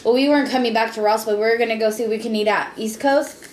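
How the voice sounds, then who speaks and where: A woman's voice: on the high side, fairly even intonation, fast. Woman, blunt, swears casually, echoey room, faint background noise. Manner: blunt, swears casually while telling a story. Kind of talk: casual chat.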